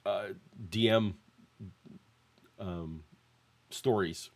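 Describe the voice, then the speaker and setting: A middle-aged man hosting a casual chat show, speaking in a measured, hesitant way. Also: fairly low pitch. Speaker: host.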